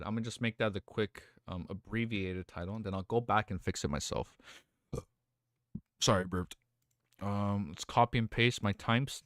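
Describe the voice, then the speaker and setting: A man's voice: fairly low pitch, smooth, dry recording, studio quality. A young adult man live-streaming, chatting casually, rambling and swearing as he reads chat aloud.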